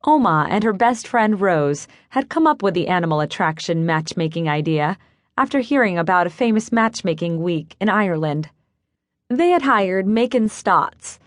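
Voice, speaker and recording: A woman reading a cozy mystery in first person, even and clear, close to a studio mic. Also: lowish voice, dry recording. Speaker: audiobook narrator. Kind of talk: scripted first-person narration.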